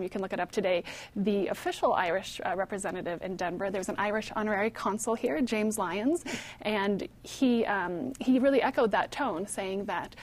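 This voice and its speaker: A woman journalist talking on a political panel, chatty and conversational with frequent fillers and restarts. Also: medium pitch.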